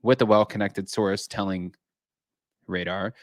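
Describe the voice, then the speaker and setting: Male host, lowish voice, dry close mic, chatty delivery reading news to viewers. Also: steady tone, a little slow, dry recording. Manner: chatty, reads news aloud. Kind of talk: casual chat. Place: home, with his cat.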